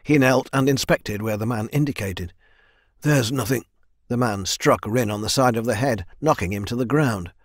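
This is scripted narration of a fantasy audiobook, delivered by a man in a calm, measured storytelling manner. His pitch is medium, and the studio recording is clean and dry.

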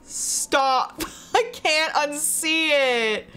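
Over game music, a young woman plays and chats with her stream audience, giggling frequently. Her voice is very high, expressive and sharp, and she speaks extremely slowly.

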